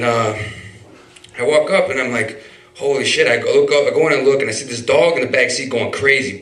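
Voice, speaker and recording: A man recounts a personal story live on stage, rambling along with fillers, restarts and curses. His voice is mid-range and a bit bright, and the mic sits far away in a roomy hall.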